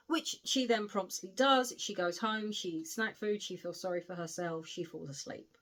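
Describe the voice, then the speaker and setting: A woman's voice: mid-range voice, moderate pace. A woman giving a casual spoken book review, recounting the plot in a chatty way with frequent asides.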